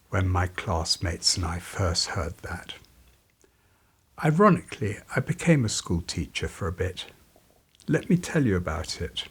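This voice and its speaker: A man's voice: on the low side, breathy edge. A man in his fifties, an artist and part-time teacher, telling wry stories to camera with dry humour. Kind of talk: reflective storytelling to camera.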